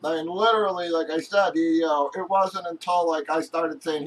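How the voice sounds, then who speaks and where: A man's voice: fairly high pitch, fairly even intonation, moderate pace, few pauses. A man streaming, ranting angrily to his chat, swearing constantly and rambling with lots of fillers. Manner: angry, profane, rambling with many fillers. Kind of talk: casual rant to stream chat. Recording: voice from far off the mic.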